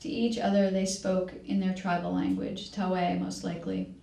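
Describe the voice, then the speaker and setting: A woman reading her novel aloud at a public library event. She reads at a measured pace and now and then corrects herself. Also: lowish voice, flat delivery, creaky, warm tone. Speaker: author reading. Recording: echoey room, distant mic.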